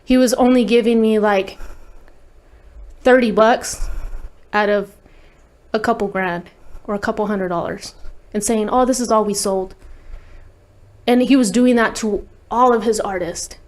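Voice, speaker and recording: A woman's voice: medium pitch, steady tone, unhurried, pauses often. A woman guest on an interview show, telling a personal story candidly and bluntly, swearing freely and saying "like" often. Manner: blunt, profane, heavy use of "like". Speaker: guest recording artist.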